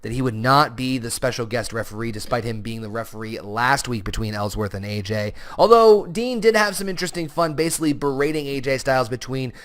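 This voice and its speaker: A young man giving a casual solo review of a wrestling show, animated and full of restarts and asides. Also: mid-range voice, a little fast, hardly any pauses.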